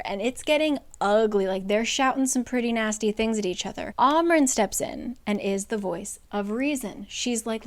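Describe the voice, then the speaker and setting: A woman recaps a fantasy novel in a loose, chatty way, throwing in sarcastic asides. Her voice sits a little high for a woman. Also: moderate pace, hardly any pauses. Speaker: book recapper. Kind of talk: casual book recap.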